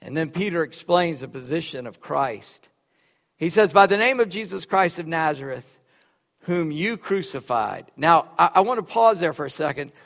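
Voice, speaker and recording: Pastor guy preaching in a church, fairly high voice, loud one sec then hushed the next, big hall echo. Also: animated, normal speed, creaky. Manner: dynamic, swings from loud emphasis to quiet asides. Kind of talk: sermon. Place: church sanctuary. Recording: echoey hall with long reverb.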